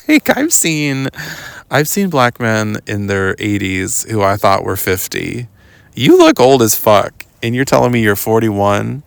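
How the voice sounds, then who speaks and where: Young guy rambling a story on a podcast, lots of likes and ums, deepish gravelly voice. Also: sing-song, takes it slowly, no echo. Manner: rambling, lots of "like" and "um", mimics others in quotes. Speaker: podcast host. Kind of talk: casual storytelling monologue. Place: outdoors walking in the woods.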